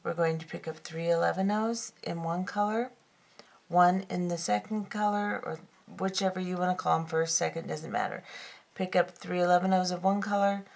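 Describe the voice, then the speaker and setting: Woman, craft tutorial host, low-ish voice with vocal fry, patient and step-by-step. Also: a little mellow. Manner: patient, methodical, repeats steps.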